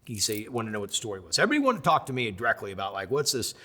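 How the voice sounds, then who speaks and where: A middle-aged man and chef, interviewed, telling stories with energy and acting out the dialogue, now loud, now hushed. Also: lowish voice, sing-song, racing. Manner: acts out quoted dialogue, swings between loud and hushed. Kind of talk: animated storytelling.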